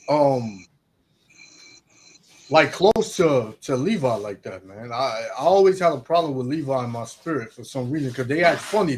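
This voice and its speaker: A man talking in a casual religious discussion, rambling with frequent restarts. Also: on the high side.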